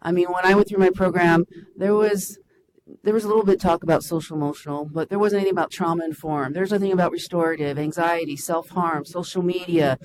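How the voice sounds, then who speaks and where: A woman's voice: fairly low pitch, fairly even intonation, fast, darkish tone, slight background noise, poor audio. A woman in her forties, a school counselor, speaking passionately and emotionally at a public meeting. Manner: impassioned and emotional.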